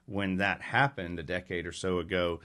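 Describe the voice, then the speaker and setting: Very deep-voiced man explaining flatly. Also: moderate pace. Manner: matter-of-fact, emphatic on key points. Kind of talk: explanatory interview talk.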